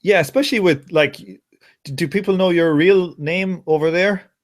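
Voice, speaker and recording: A man's voice: high voice, normal speed. Chatty Irish man, rambling casual talk. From Ireland. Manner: chatty, rambling, laughs often, many restarts. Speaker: conversation partner. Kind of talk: casual chat.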